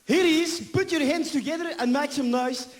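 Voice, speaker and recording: A man working as emcee, introducing the next act on stage in a hyped way and shouting out the name. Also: extremely high pitch, brisk.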